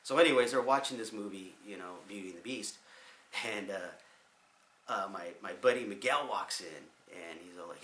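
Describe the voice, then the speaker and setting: A man's voice: on the low side, normal speed, bright, forceful tone, echoey room. A man in his thirties telling casual stories in a rambling way, with many restarts, as a vlogger. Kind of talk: casual storytelling.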